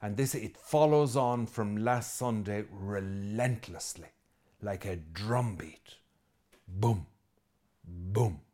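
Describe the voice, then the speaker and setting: Irish priest preaching a lively sermon. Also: male voice, fairly low pitch, takes it slowly. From Ireland. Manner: lively and conversational, with asides and jokes; emphatic, repeating key phrases.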